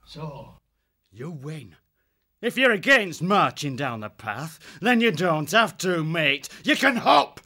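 A man voicing a brutal, swaggering male ferret warlord who talks in a rough, slangy, taunting way. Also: on the high side, sing-song, slow, sharp tone, voice pushed up, exaggerated voice. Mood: menacing.

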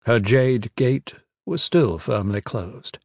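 A man's voice: medium pitch, animated, slow pace, darkish tone, no echo. Man narrating a fantasy audiobook, very dry.

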